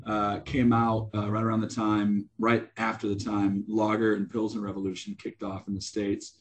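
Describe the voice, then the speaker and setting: Easygoing low-voiced man, casual swearing. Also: completely flat delivery, moderate pace. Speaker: guest from a beer distributor. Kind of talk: casual chat.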